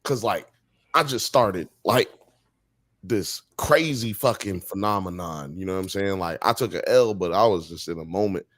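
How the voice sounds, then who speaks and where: A man co-hosting a casual live podcast, talking in animated, slangy style and firing off rhetorical questions. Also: deep voice, moderate pace, no room sound, clean studio sound. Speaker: podcast co-host. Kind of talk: casual chat on a live stream.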